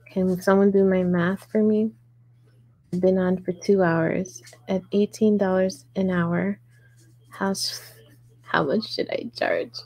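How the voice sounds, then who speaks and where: Slow, gravelly-voiced woman crochet host. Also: fairly low pitch, dark tone, low-quality recording. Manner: chatty, reads and answers viewer comments, murmurs stitch counts. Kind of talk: casual live tutorial chat while crocheting.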